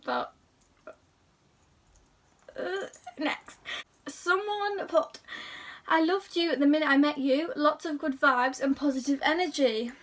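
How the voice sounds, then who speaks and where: A woman's voice: high-pitched, takes it slowly, long pauses, a bit bright, distant mic. A young woman chatting to camera in a rambling, self-deprecating way, talking casually about herself. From England. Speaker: YouTuber.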